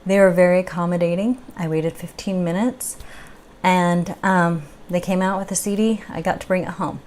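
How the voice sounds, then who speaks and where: A woman's voice: fairly low pitch, fairly even intonation, normal speed, darkish tone. A woman vlogger telling a personal story in a chatty, upbeat way with the odd laugh. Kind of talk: casual chat.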